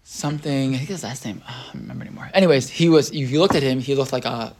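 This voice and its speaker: A man's voice: mid-range voice, rapid-fire, darkish tone, a little hiss or hum. A man teaching a Torah class in a casual, rambling way, with many restarts and tag questions.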